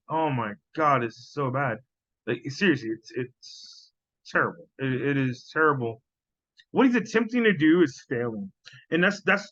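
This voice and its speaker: Bright, sharp-voiced man, scornful podcast rant; dull dry recording. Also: fairly high pitch, no echo. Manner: scornful, profane, repeats himself. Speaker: podcast host reacting to clips. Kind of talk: casual commentary.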